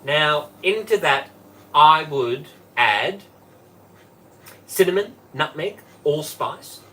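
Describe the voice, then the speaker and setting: A man's voice: on the high side, animated, slow pace, sharp tone. Chatty man hosting a cooking stream. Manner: chatty, greets viewers by name, laughs often. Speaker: livestream host and former Tupperware manager. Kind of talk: live cooking stream chat. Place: home kitchen. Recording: voice from a distance off the mic.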